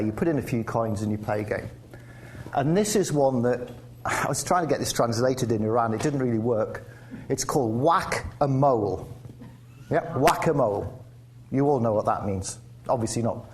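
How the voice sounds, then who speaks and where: A man from England giving a conversational public lecture with wry asides and frequent restarts. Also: medium pitch. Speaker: guest speaker. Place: lecture theatre. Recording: faint background noise in a lecture hall.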